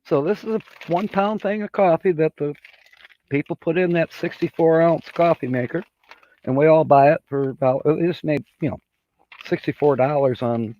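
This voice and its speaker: A man's voice: a little high, normal speed, muffled recording. A man hosting a casual livestream chat, rambling in a folksy way and laughing at his own jokes. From Michigan. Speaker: livestream host.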